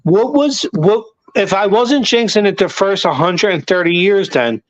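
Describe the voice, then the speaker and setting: A man with a Philadelphia accent co-hosting a sports show, arguing loudly and insistently in casual banter. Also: high voice, expressive, measured pace, dry recording, low-quality recording. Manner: loud, insistent, argumentative. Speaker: podcast co-host.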